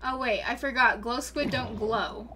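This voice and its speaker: A young woman livestreaming a game in casual chat, excitable and prone to gasping and squealing at what she finds. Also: fairly high pitch, unhurried, noisy background. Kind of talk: casual gaming stream chat.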